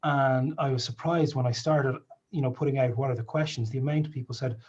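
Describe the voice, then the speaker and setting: Earnest middle-aged Irish politician. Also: male voice, medium pitch, fairly even intonation, brisk, a little mellow, husky, highs cut off. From Ireland. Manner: earnest, many restarts and asides. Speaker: politician presenting a policy paper. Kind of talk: answering audience questions in a panel discussion.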